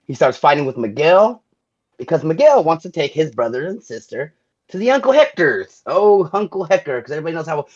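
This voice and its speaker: A man's voice: fairly high pitch, sing-song, brisk, highs cut off. A man co-hosting a podcast, joking around in crude casual banter about a film. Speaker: podcast co-host. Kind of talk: casual chat.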